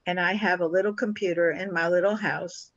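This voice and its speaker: An older woman, a guest on an interview show, telling a story in a lively, animated way and acting out the people in it. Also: fairly low pitch, fairly quick, lo-fi sound. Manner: animated storyteller who acts out quoted dialogue.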